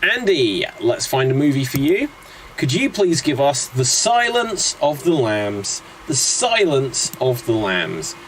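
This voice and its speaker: Brisk male improv host. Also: mid-range voice, sing-song, a little hiss or hum. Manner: brisk, announcing. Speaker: show host. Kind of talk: improv game hosting.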